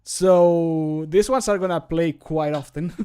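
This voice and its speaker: A man's voice: fairly high pitch, takes it slowly, mellow, smooth. A man streaming casually as he records game voice lines, playful and chatty, laughing often, close to a home microphone. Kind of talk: casual live-stream chat.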